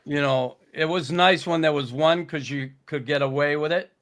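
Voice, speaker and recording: A man, a podcast guest telling stories in a gruff, blunt way, swearing constantly. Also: on the high side, moderate pace, fairly bright tone. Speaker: podcast guest, former hockey enforcer. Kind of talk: casual storytelling chat.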